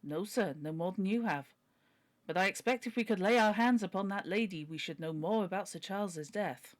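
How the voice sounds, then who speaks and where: A woman's voice: medium pitch, moderate pace, natural voice. A woman voicing a humble, pleading older male butler while reading a novel aloud. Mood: earnest. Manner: earnest, deferential, begging.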